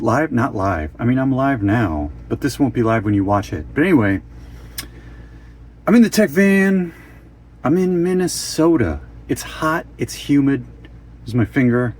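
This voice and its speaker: Man, van life vlogger, mid-pitched, rambling, goofy, casual update, inside a van. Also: animated, moderate pace, darkish tone, husky. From Oregon. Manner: rambling, goofy, self-mocking asides. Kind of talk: casual chatty video update.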